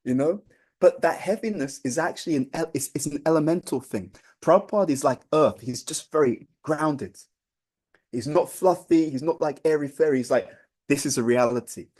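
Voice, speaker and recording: A man's voice: on the high side, moderate pace, a little mellow, breathy edge. A man giving an informal spiritual talk, speaking conversationally, often restarting phrases and checking in with "right?".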